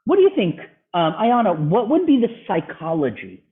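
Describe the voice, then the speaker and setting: Animated guy teaching chart reading, slightly high voice, tinny call audio. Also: normal speed. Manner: lively, questioning the student. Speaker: trading club instructor. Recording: phone-like video call audio.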